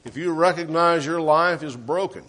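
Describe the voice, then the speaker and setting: A man preaching an earnest sermon, often clearing his throat and letting his voice sink soft and low at the ends of phrases. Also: normal speed, a little hiss or hum.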